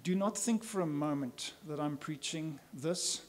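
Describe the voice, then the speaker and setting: Male pastor, slightly raised pitch, emphatic church sermon delivery. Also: measured pace. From South Africa. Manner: earnest, emphatic preaching with rhetorical questions.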